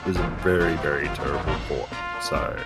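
A man's voice: rumbling low, steady tone, moderate pace, loud music behind the voice. A man from Australia co-hosting a casual gaming podcast in a laid-back, mumbling way. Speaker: podcast co-host. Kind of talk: casual chat.

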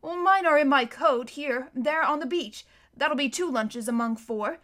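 A woman's voice: sits high, unhurried, fairly bright tone. A woman voicing a sensible, practical older schoolgirl in an audiobook reading.

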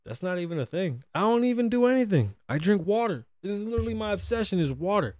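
High-voiced man ranting casually in a dry studio. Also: fast, no echo. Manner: animated, swearing, acts out quotes in loud bursts. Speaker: podcast host. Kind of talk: casual profane talk-show rant.

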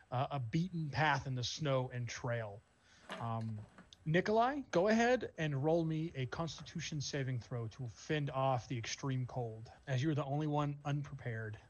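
A man narrating as game master in a tabletop role-playing game, describing scenes in a relaxed way with many fillers. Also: on the high side, highs cut off, a little hiss or hum.

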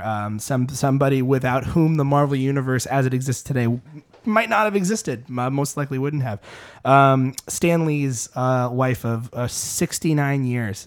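A man's voice: mid-range voice, moderate pace. A man hosting a casual podcast chat, rambling with lots of fillers and restarts. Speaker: podcast host.

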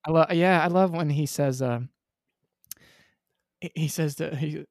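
A man's voice: on the high side, moderate pace, a little hiss or hum. A man co-hosting a podcast in casual chat, quoting movie lines in put-on voices. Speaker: podcast co-host.

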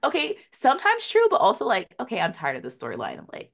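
A woman's voice: a little high, fast talker, gravelly, husky. A young woman casually recapping a TV episode, full of "like" and "um", laughing often and acting out the characters' lines. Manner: animated, acts out characters' lines mid-story; laughs often, many likes and ums. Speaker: podcast co-host recapping a TV episode. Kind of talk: casual chat.

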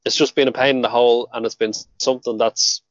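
An easygoing man hosts a podcast, speaking plainly and swearing now and then. His voice sits at a middle pitch. The recording is muffled and dry. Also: fast, no echo. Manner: relaxed, plain-spoken, swears casually. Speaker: podcast host. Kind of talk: casual podcast chat. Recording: dull, dry lo-fi sound.

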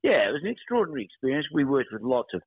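An older Australian actor giving a casual interview, measured and hesitant, with many fillers and restarts. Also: male voice, mid-range voice, big pitch swings, slightly rough, no echo. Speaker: guest actor. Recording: dry tinny phone-line sound.

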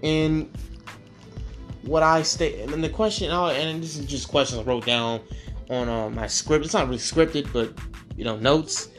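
A young man hosting a casual solo podcast, rambling and animated, swearing freely and restarting his sentences often. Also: fairly high pitch, a little slow, faint music behind. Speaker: podcast host.

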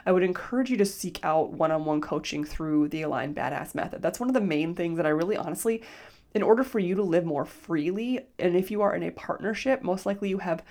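Her voice runs on the low side and a little mellow, and she talks fast. In her thirties and working as a life coach, she chats casually on her solo podcast, saying "like" a lot and often quoting dialogue in little voices.

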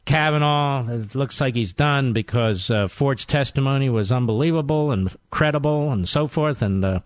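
A man's voice: mid-range voice, moderate pace, dry recording. A middle-aged man hosting a political talk radio show in a mocking, combative monologue.

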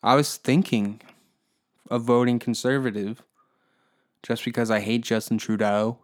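A man's voice: mid-range voice, fairly even intonation, a little slow. A man from Canada, hosting a comedy podcast with a crude, profane, rambling rant. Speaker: podcast host.

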